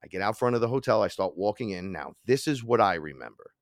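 A man, a podcast guest telling animated, profane stories and acting out the quotes. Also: on the low side, fast talker, no room sound, clean studio sound. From Bronx, New York. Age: 40s. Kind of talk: casual storytelling.

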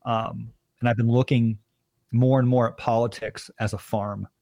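Here a thirty-something Arizonan on a podcast rambles through casual stories, performing the voices of those he quotes. He speaks at normal speed in a medium, warm, creaky voice with fairly even intonation, and the recording is dry.

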